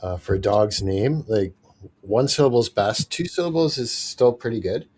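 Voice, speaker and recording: Husky, easygoing man reading chat. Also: on the low side, expressive, moderate pace, darkish tone. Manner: easygoing, many fillers, reads chat. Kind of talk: casual livestream chat.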